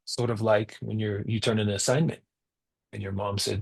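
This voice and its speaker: A man's voice: fairly low pitch, little pitch movement, normal speed, vocal fry, breathy edge. A young man presenting a webinar, telling a personal story earnestly and acting out the quotes. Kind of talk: personal story in a spiritual talk. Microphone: webinar mic.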